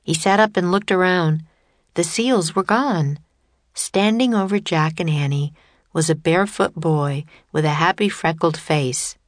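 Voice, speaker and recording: A woman narrating a children's storybook in a clear, even storytelling manner. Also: lowish voice, a little slow, no room sound. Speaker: audiobook narrator.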